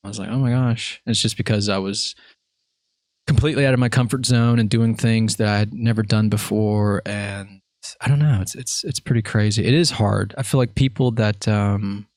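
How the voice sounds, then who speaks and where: A man's voice: on the low side, steady tone, moderate pace, a little mellow, no echo, studio quality. A man hosting a podcast interview, chatting casually in a jokey, rambling, self-mocking way. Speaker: podcast host.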